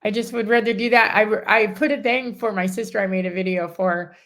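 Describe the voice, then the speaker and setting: Middle-aged woman, gravelly creak, chatty guest who restarts her sentences a lot. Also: mid-range voice, steady tone, brisk, fairly bright tone. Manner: rambling, self-interrupting, acts out others' words. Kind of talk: emotional personal story in a casual chat.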